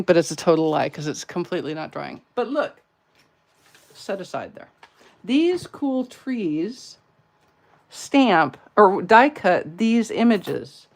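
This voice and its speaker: A middle-aged woman from California with a Southern accent, demonstrating card crafts in a playful, chatty, self-deprecating way at her crafting table. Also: fairly low pitch. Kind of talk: live craft tutorial.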